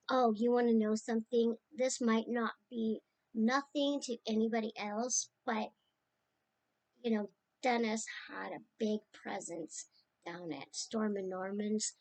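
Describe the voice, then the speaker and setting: A woman's voice: mid-range voice, a little mellow. A woman speaking casually and tenderly as she remembers her late uncle, rambling from one story to the next. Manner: rambling and tender, drifting between stories. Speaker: niece sharing memories of her late uncle.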